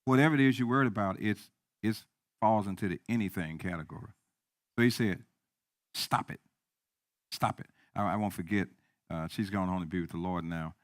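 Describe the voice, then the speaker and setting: A man preaching a sermon as pastor, repeating key lines and swinging from quiet talk to loud emphasis. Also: low voice, brisk, no room sound, clean studio sound.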